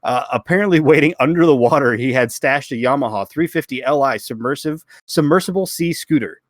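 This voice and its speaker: A man's voice: mid-range voice, fairly quick, no echo, studio quality. A young man co-hosting a podcast, telling stories in casual chat with a joking manner and acted-out quotes. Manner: joking storyteller, acts out quotes. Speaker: podcast co-host.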